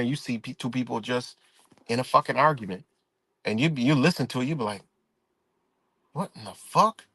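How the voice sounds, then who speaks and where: A middle-aged man from Rochester, New York, talking in a casual, profane, rambling livestream monologue and telling an animated story. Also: fairly high pitch, no echo. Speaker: live stream host.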